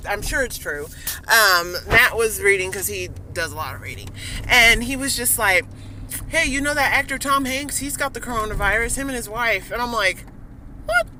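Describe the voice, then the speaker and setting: A woman's voice: a little high, bright, forceful tone, slight background noise. A young woman vlogging a casual rant from her car, chatty and rambling with frequent ums and laughs, talking to a phone camera. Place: in a parked car. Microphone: phone camera held or set down.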